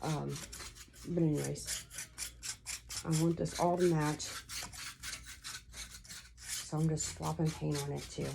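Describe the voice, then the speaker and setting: A woman's voice: low-pitched, little pitch movement, slow pace, gravelly, long pauses, noisy background. A woman giving a casual crafting tutorial at home, chatty and rambling as she tells stories while she works. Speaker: craft vlogger.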